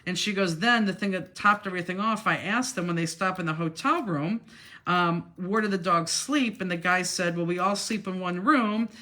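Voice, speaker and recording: Bright-voiced chatty woman craft teacher. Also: on the low side, normal speed. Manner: chatty and rambling, acting out other people's words. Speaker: crafting instructor. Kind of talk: casual storytelling while teaching a craft live.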